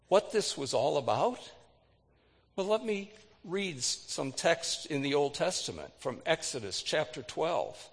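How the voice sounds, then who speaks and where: A man preaching a sermon, retelling scripture with dramatic readings, lifting his voice for quoted words and dropping it low for solemn moments. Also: gravelly, slightly rough, big-room sound. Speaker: pastor.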